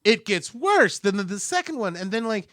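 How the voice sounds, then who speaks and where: A man's voice: high-pitched, big pitch swings, moderate pace, a bit bright, dry recording. A man co-hosting a film podcast, talking casually and acting out his own reactions with exclamations. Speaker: podcast co-host.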